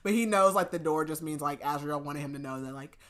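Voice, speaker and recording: A podcast host with a low-sitting voice talks a little fast while casually recapping a novel. She's chatty and giggly, laughing often and scattering "like" and other fillers throughout.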